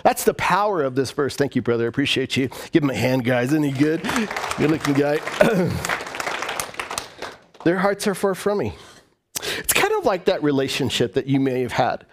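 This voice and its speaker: A man with a high-pitched voice delivers a casual, conversational sermon as a pastor. He talks in an animated way, asks rhetorical questions, and repeats his phrases for emphasis. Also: moderate pace, crowd noise, noisy background.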